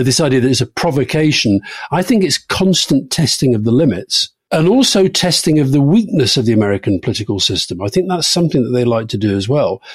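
A middle-aged man co-hosts a political talk show, spinning anecdotes with animated energy. His voice sits in an ordinary middle register. The recording is close and dry, with no room around it. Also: mid-range voice, husky, dry recording. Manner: anecdotal, lively storytelling with laughs. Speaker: podcast co-host. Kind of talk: casual political chat.

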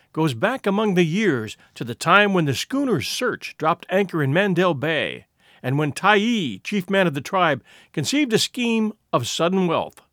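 Guy reading an old adventure story aloud, lots of pitch movement, dry close sound. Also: no echo. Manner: measured, expressive storytelling. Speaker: narrator. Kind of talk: audiobook narration.

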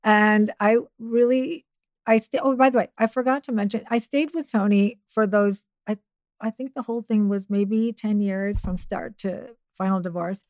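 A woman's voice: mid-range voice, fairly even intonation, normal speed, a little mellow, no echo. A middle-aged woman, a podcast guest, telling a personal story in a chatty way with many asides and restarts. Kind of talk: casual storytelling.

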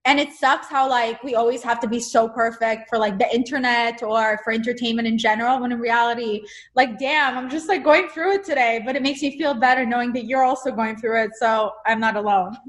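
A woman's voice: a little high, fairly even intonation, brisk. A woman guesting on a podcast, talking candidly and emotionally, often filling her speech with "like" and acting out her own inner voice. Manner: emotional, heavy use of "like". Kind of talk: candid conversation.

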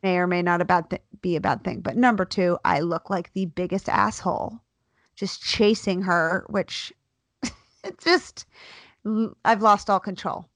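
A mother in her thirties, a podcast co-host and teacher, telling a lively story in casual chat, swearing freely and acting out what she said. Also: fairly low pitch, a little slow, no echo, studio quality. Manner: animated storyteller, swears freely, acts out quotes.

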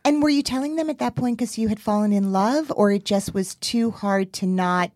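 A woman's voice: medium pitch, moderate pace, darkish tone. This woman hosts an interview podcast and has a mid-range voice. She is recorded in a dry space with no room echo. She asks probing follow-up questions and often jumps in to finish her guest's thoughts. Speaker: podcast host. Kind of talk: conversational interview.

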